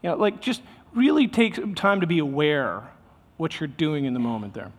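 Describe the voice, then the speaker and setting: A man's voice: a little high, animated, moderate pace, long reverb tail. A man preaching a sermon in a loose, conversational way, often restarting his sentences. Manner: conversational, self-interrupting, with many restarts. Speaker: pastor.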